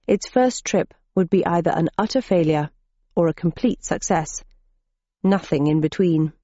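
Woman audiobook narrator, wry and dry, mellow voice, dead dry room, dull lo-fi audio. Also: lowish voice, normal speed, no room sound. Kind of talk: scripted first-person audiobook narration.

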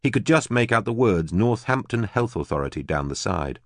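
With a fairly low pitch, a male narrator reads an audiobook script evenly and deliberately, like a storyteller. The sound is dry and studio-clean.

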